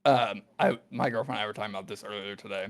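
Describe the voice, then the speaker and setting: A man's voice: fairly low pitch, fast talker, gravelly, crowd noise. A man hosting a podcast, telling rambling, profane stories in casual chat and laughing often. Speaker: podcast host.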